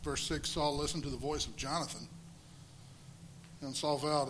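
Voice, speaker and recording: A man preaching a sermon, telling the story with lively energy and rhetorical questions. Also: fairly high pitch, moderate pace, long pauses, slight background noise, rough recording.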